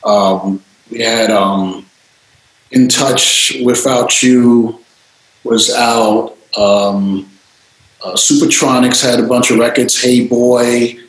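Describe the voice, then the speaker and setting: A man telling stories in a casual interview, animated and freely swearing, acting out voices. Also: medium pitch, takes it slowly, heavy reverb, rough recording. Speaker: interview guest, DJ and producer.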